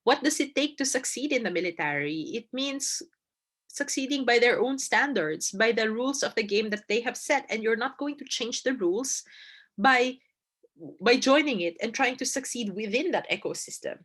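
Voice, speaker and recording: A woman's voice: fairly high pitch, expressive, normal speed, fairly bright tone. A woman giving a casual debate lecture, conversational and emphatic, often tagging points with "right?" and repeating phrases for stress. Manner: conversational, frequent "right?" and "you know" asides.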